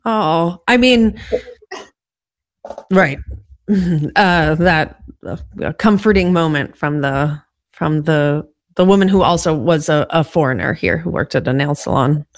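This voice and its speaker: A podcast host leans into curious, conversational questions for a guest. The voice sits at a middle pitch. The recording is dry, with no room sound around it. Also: takes it slowly, no room sound. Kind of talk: interview questions.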